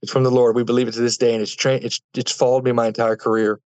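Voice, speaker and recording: A man's voice: medium pitch, flat delivery, fast talker, a little mellow, clean tone, no room sound. A young man in an interview, telling his life story earnestly with many fillers and restarts. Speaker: guest. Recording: dull lo-fi dry sound.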